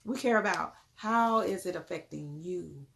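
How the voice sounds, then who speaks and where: A young woman, giving an animated live tarot reading and greeting her viewers. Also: on the low side, measured pace, vocal fry. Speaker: spiritual tarot card reader.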